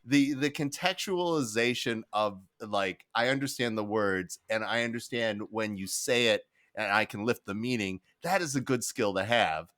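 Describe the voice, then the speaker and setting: A man's voice: fairly low pitch, normal speed, hardly any pauses, fairly bright tone, dry recording, clean studio sound. A man from Detroit co-hosting a podcast in casual chat, telling anecdotes emphatically and laughing as he goes. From Detroit, United States.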